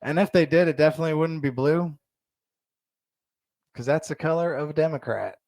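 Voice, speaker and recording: A man's voice: fairly high pitch, fairly quick, darkish tone, no echo. A young man doing a stand-up comedy set in a bar, telling crude stories in a loose, rambling way full of fillers.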